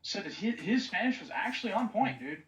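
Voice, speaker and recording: A man's voice: sits high, big pitch swings, brisk, fairly bright tone, a little hiss or hum. Laid-back man in an echoey room. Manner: agreeable, laid-back banter. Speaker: podcast host. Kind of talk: casual movie chat. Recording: dull, roomy recording.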